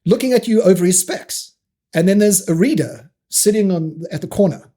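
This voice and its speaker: A South African man, middle-aged and a guest on a podcast, spins animated anecdotes full of restarts and quick laughs. His voice sits a touch high for a man, yet the tone is dark and husky. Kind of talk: casual interview storytelling.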